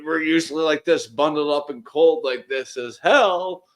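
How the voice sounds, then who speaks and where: A man in his forties telling a story in casual chat, animated and swearing freely. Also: medium pitch. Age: 40s. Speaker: host.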